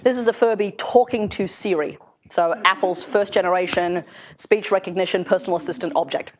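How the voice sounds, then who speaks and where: Lower-pitched woman giving a lecture. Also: fairly even intonation, brisk. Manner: conversational, acts out dialogue, laughs between points. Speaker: seminar speaker, researcher in industry. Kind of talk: lecture to an audience. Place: lecture room with an audience.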